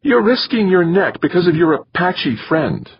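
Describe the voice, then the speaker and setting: A man voicing an upset, clingy wife in an audiobook, pushing his voice high and strained. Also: huge pitch swings, unhurried, husky, exaggerated voice. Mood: upset, pleading. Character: upset young wife, clingy and sharp-tongued. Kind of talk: audiobook character reading. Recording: dull lo-fi recording.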